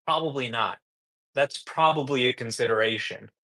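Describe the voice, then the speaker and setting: A man talks through market commentary in a bright, forceful voice, animated and emphatic. He drags out key phrases to drive them home, with a middling pitch. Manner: animated, emphatic, slows down to stress points. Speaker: show host.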